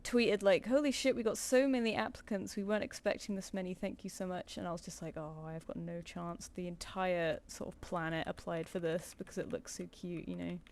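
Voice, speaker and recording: A woman's voice: lowish voice, fairly even intonation, a little fast, hardly any pauses, darkish tone. A young woman chatting casually on her drawing stream, laughing often and swearing lightly. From United Kingdom.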